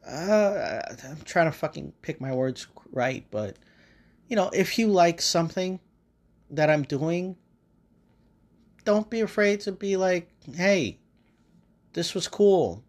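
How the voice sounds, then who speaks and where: A man's voice: sits high, animated, slow, long pauses. A man hosting a podcast, talking in a casual rambling monologue with lots of fillers, restarts and swearing. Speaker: podcast host.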